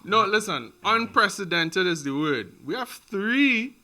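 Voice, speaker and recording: A man with a bright, forceful voice, talking sport in an animated, joking way. His pitch sits a touch high for a man. He breaks into laughter often as he chats with his co-host. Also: measured pace. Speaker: co-host of sports talk show. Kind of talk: casual sports talk.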